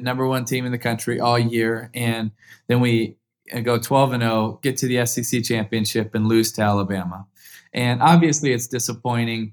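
A man in his thirties, a former football quarterback, telling a heartfelt personal story as a guest in an interview and growing lively as it builds. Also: medium pitch.

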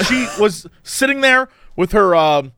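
A man's voice: sits high, expressive, a little slow, pushed and bright, clear, resonant tone, no echo, studio quality. A man telling a story in casual chat, laughing often and acting out the people in it.

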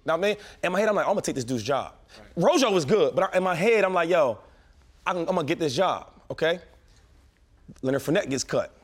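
A man in his thirties, a former pro football player, telling stories in a casual chat with slang, quick restarts and lots of animation. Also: on the high side, expressive. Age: 30s.

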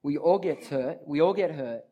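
Lively man preaching to a crowd. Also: a little high, moderate pace, muffled recording. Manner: lively, talks straight to the crowd, calls on listeners by name; repeats key phrases for emphasis. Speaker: preacher leading a youth group. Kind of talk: interactive sermon.

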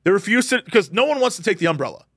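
A man co-hosting a casual podcast, ranting in an animated way and jumping into quoted voices. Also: sits high, racing, no echo, studio quality. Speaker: podcast co-host.

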